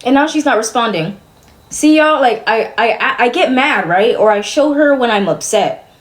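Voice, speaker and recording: A woman's voice: fairly high pitch, lively intonation, normal speed. A young woman streamer venting to her chat, exasperated and swearing as she rambles.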